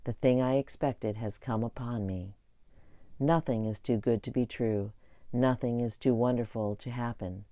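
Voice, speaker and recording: Brief: man narrator, calm even audiobook read, mellow tone, dry booth sound. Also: mid-range voice, unhurried, no echo. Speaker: audiobook reader. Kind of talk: audiobook narration of an inspirational book.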